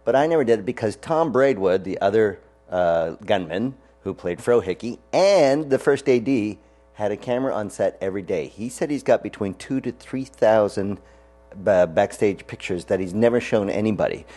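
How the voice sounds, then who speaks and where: Low-voiced man telling anecdotes. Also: lively intonation, normal speed, warm tone, faint music behind. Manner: chatty and anecdotal, laughs easily. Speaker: actor and interview guest. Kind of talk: casual interview chat.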